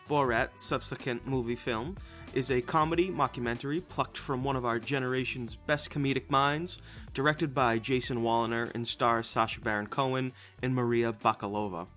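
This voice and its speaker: Guy hosting a movie podcast, joking around and swearing, mid-pitched, casual banter. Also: moderate pace, a bit bright, soft background music. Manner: crude, joking, offhand. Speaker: podcast host.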